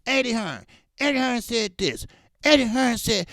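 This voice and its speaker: A man's voice: extremely high pitch, very animated, normal speed, creaky, bright, forceful tone, dry recording, studio quality. A man hosting a boxing talk stream, ranting fiercely with lots of repetition and profanity while greeting his chat. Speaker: boxing talk show host. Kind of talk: live-stream commentary, reading chat.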